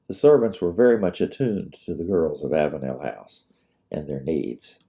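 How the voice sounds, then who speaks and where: A man narrating his own historical storybook in a measured, expressive reading. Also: very deep voice. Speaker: author narrating his book.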